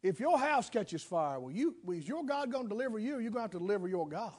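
High-pitched male preacher, dramatic storyteller, loud to hushed. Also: very animated, fast, breathy edge. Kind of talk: sermon.

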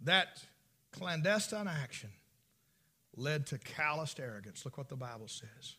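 A man preaching a sermon, folksy storytelling that swings from shouts to whispers. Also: a little high, sing-song, measured pace.

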